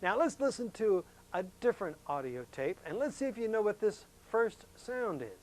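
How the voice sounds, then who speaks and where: A folksy male science teacher walking students through a lesson, his voice sitting a little higher than most men's. He talks in a chatty way, keeps asking questions of his class, and jumps up in pitch to stress a point. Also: very animated, moderate pace.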